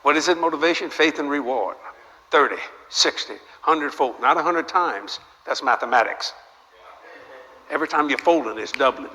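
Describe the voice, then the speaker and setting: At an ordinary speed and in a slightly high voice, an older man delivers a sermon before a live audience. He's animated, joking through his stories and peppering listeners with rhetorical questions, all under a long hall echo with a little background noise.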